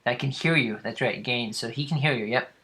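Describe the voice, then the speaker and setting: Halting bright-voiced male game master. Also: mid-range voice, slight background noise. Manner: halting, with frequent fillers and restarts. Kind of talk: narrating a tabletop game.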